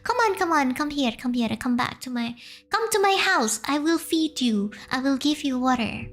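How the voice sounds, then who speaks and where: A woman voicing a kind old village grandmother who warmly fusses over a hungry boy. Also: high voice, expressive, moderate pace. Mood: kindly. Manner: fussing, welcoming.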